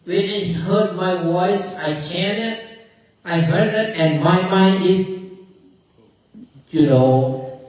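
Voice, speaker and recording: A monk speaks slowly and carefully in halting English, restarting his phrases as he searches for words. He is a non-native speaker, a man of middle pitch, heard from a distance in a very echoey hall. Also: darkish tone. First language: Lao. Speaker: monk giving a dharma talk. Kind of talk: informal talk with audience questions. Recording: echoey hall recorded from far off.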